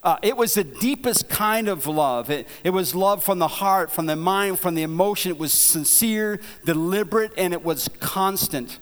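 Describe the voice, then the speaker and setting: A man preaching a sermon, telling a folksy story in a relaxed, conversational way, with frequent restarts and repeated words. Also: sits high, moderate pace, few pauses. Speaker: pastor. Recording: long hall reverb.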